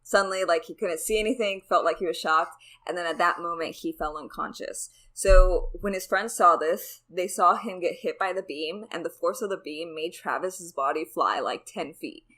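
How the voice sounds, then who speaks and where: Low-voiced woman telling a story casually. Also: moderate pace, hardly any pauses, sharp tone. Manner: chatty, sweary, says "like" a lot. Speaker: podcast co-host.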